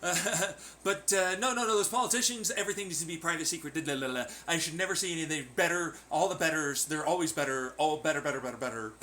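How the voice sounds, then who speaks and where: A man's voice: a little high, quick pace, few pauses, sharp tone, a little hiss or hum. A man delivering a profane, sarcastic vlog rant, mocking the people he talks about in imitation voices. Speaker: vlogger. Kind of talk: ranting vlog commentary.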